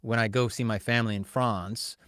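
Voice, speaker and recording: A man hosting a podcast interview, chatty, laughing often and asking quick follow-up questions. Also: fairly low pitch, steady tone, a bit bright, no echo, clean studio sound. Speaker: podcast host. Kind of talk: casual interview chat. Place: podcast studio.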